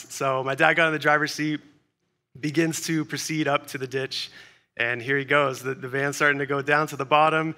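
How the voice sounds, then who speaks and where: A man's voice: a little high, flat delivery, moderate pace, bright, forceful tone. A young adult man preaching a sermon, easygoing and conversational, telling a personal story before reading scripture. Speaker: pastor.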